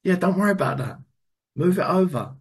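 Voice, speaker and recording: A man tells a personal story in a candid, lively way, with a voice a little higher than most men's. He repeats words as he goes and swears now and then. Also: fairly quick, husky. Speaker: speaker sharing a recovery story.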